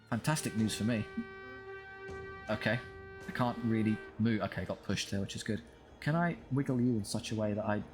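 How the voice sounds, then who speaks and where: Man, young adult, low-pitched, wry frustrated game commentary, talks to units, music in background. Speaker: gaming channel host.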